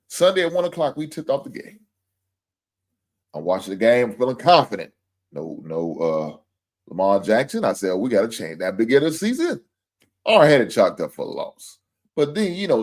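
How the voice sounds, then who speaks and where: A man with a medium-pitched, darkish voice runs a livestream sports show. He rants with heated profanity about the team losing and addresses viewers and super chat senders directly.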